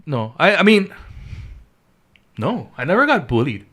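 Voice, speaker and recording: A man's voice: a little high, a little slow, breathy edge. A man co-hosting a podcast, chatting casually and telling anecdotes. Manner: lively, tells anecdotes. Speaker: podcast co-host. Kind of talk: casual chat.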